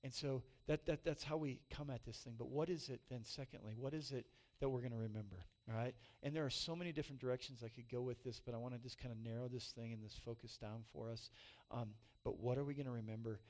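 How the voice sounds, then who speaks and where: A man's voice: mid-range voice, fast talker. Storytelling man preaching a sermon. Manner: storytelling, self-mocking, animated with loud peaks and soft emotional drops. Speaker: pastor.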